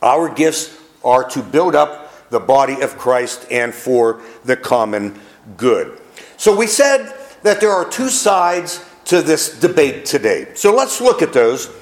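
A pastor preaching a sermon with an emphatic cadence that rises and falls. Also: male voice, a little high, roomy sound.

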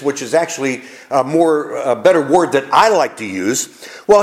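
A pastor preaching a sermon with an emphatic cadence that rises and falls. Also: male voice, fairly high pitch, roomy sound.

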